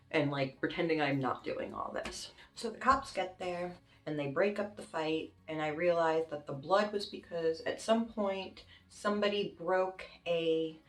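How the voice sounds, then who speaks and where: A young woman telling a story on her vlog in a casual, animated, dramatic way, with plenty of swearing. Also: sits low. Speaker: YouTuber. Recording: roomy with faint music.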